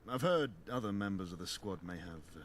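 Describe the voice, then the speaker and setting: A dutiful soldier. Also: male voice, low-pitched, expressive, fairly quick, slight background noise. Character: dutiful male soldier, proper and earnest. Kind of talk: game character dialogue.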